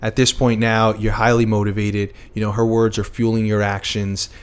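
A man's voice: lowish voice, flat delivery, normal speed, clear, resonant tone. A man hosting an interview, asking a guest questions. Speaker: podcast host.

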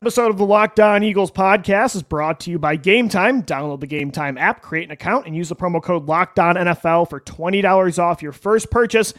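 A man co-hosting a sports podcast, reading an ad and then giving upbeat, quick analysis. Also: high voice, fairly bright tone, no echo, faint music behind. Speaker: podcast co-host. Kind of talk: sports podcast chat and ad read.

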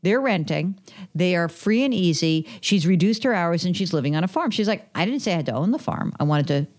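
Woman on a podcast telling money stories, lowish voice, lots of like and you know, does the voices of people she quotes. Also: animated, brisk, a little mellow. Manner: chatty, acts out quoted dialogue, many fillers. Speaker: guest, personal finance author. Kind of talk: conversational podcast storytelling.

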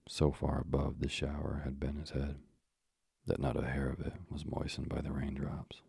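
A man narrating a bedtime story in a calm, hushed, measured way. His voice is extremely deep and heavily gravelly, with a flat, unmoving melody. The recording is dry and close. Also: dry recording. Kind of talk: slow, soothing sleep-story reading.

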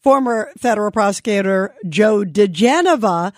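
A woman's voice: mid-range voice, expressive, normal speed, darkish tone, no room sound, clean studio sound. A woman hosting a talk radio show, speaking emphatically and indignantly, firing rhetorical questions.

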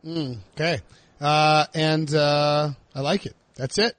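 A high-voiced man hosts a casual sports podcast, chatting and joking with plenty of fillers. His voice sits close and dry on the mic, with no room sound around it. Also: flat delivery, takes it slowly, fairly bright tone, no echo. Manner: chatty, jokey, lots of fillers and restarts. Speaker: podcast host. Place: southern US.

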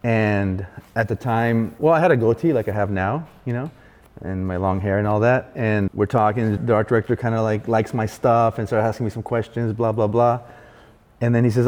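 A man guesting on a casual chat, telling a story with animated energy and plenty of swearing, and acting out other people's lines. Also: on the low side, moderate pace. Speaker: guest graffiti artist. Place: large arts venue room. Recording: echoey hall.

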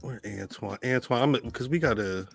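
A man's voice: on the low side, normal speed, creaky, soft background music. A man co-hosting a podcast in casual chat, joking and laughing often. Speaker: podcast co-host.

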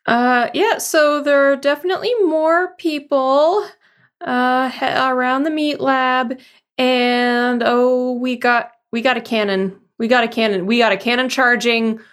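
A woman playing a tabletop game, casual and excitable. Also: high-pitched, unhurried. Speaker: player.

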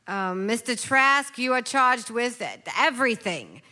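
An actress playing a brisk traffic court judge in a radio comedy sketch, with an officious manner. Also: female voice, on the high side, pushed and bright.

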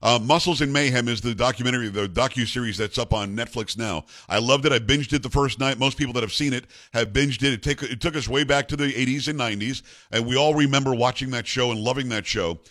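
Fast-talking radio host man. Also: medium pitch, fairly bright tone. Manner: enthusiastic, chatty, quick back-channel replies. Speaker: radio talk show host. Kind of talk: casual radio interview.

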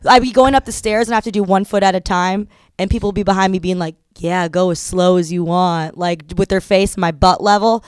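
Wry woman with a smooth voice. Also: medium pitch, steady tone, fast talker, hardly any pauses, dry recording. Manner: wry, self-deprecating storyteller. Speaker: guest. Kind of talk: casual comedic chat.

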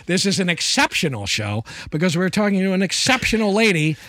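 A man's voice: high-pitched, sing-song, a little fast, pushed and bright, no room sound, studio quality. A middle-aged man co-hosting a podcast in casual chat, playful and jokey with theatrical asides. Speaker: podcast co-host.

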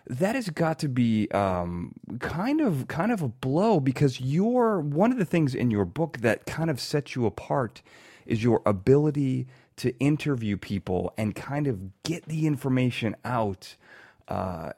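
A man's voice: medium pitch, darkish tone, no room sound, studio quality. A man hosting a podcast interview, chatty and self-mocking, often restarting his sentences. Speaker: podcast host.

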